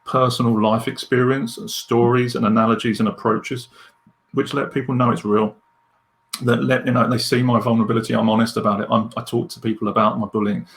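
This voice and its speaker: A man, talking as a leadership coach in a podcast interview. He is candid and animated as he tells stories. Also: on the low side.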